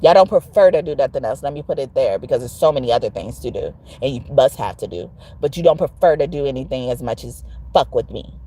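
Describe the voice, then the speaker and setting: A woman's voice: extremely low pitch, quick pace, few pauses, warm tone, breathy edge. A woman tarot reader talking casually to her viewers, blunt and emphatic, cussing freely. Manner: emphatic, blunt, cusses a lot. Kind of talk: casual tarot vlog talk.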